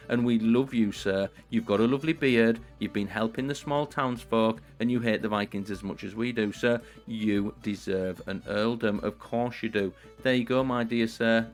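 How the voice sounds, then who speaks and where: A man giving comedic role-play commentary on a strategy game, playful and theatrical, chatting to his viewers. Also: on the low side. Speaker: gaming YouTuber.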